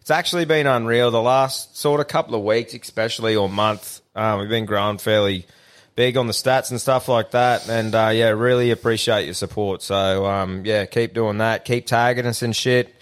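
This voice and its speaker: A man's voice: fairly low pitch, steady tone, normal speed. Man, Australian accent, young adult, podcast co-host, casual banter, crude humour. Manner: crude, laid-back joke telling.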